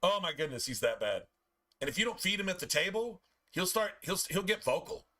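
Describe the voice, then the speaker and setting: A man chatting casually while streaming a game, telling profane, animated stories about his pets. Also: high-pitched, brisk. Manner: animated, profane storytelling with playful put-on pet voices.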